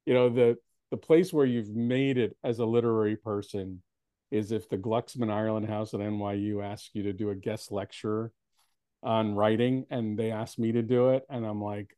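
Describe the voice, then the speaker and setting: A man hosting an interview, telling stories with many halting restarts. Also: lowish voice, steady tone, clean tone, no echo. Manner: warm storytelling, halting restarts. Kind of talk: casual interview chat.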